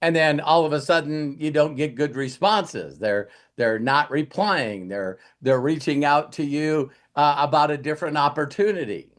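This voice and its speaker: A man's voice: on the high side, normal speed, few pauses. A man coaching with a motivational talk, retelling stories in a rambling way and acting out the lines of the people in them. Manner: rambling storyteller who acts out quoted lines.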